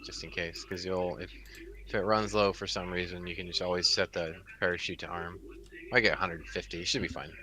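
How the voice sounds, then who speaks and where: Low bright-toned man co-streaming. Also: steady tone, fairly quick, slight background noise. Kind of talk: casual chat during gameplay.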